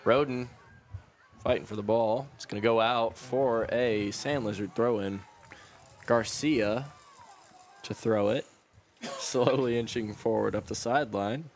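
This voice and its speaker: A man's voice: mid-range voice, measured pace, long pauses, a little hiss or hum. Easygoing male soccer commentator. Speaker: color commentator. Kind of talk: live soccer play-by-play.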